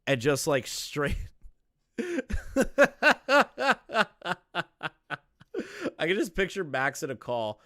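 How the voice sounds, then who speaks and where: A man's voice: medium pitch, expressive, moderate pace, few pauses, fairly bright tone, no echo, studio quality. Blunt, swearing man reacting to clips. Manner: blunt, swearing, laughs often. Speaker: commentary streamer reacting to clips. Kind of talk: casual profane commentary.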